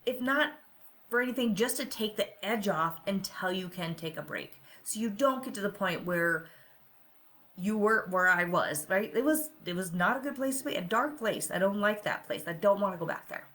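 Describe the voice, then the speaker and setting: A woman's voice: medium pitch, lively intonation, normal speed, fairly bright tone. A middle-aged woman hosting a podcast and coaching, speaking candidly and confessionally and often checking in with "right?". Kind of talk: personal podcast monologue.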